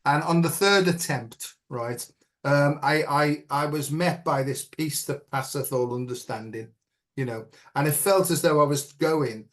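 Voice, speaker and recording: Middle-aged male guest, earnest and reflective, voice sitting a bit high, keeps asking "right?". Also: unhurried, a bit bright. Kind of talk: personal story in an interview.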